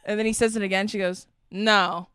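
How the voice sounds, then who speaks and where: A young adult woman co-hosting a podcast in casual chat, giggly and animated, often bursting into loud laughing shouts. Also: medium pitch, racing, smooth, no echo, clean studio sound. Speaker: podcast co-host.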